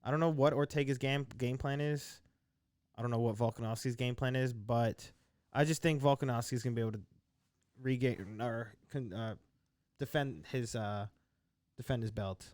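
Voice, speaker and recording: A man's voice: medium pitch, fairly even intonation, normal speed, a little mellow, no room sound. A man co-hosting a casual sports chat, reading odds and viewer comments. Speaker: podcast co-host.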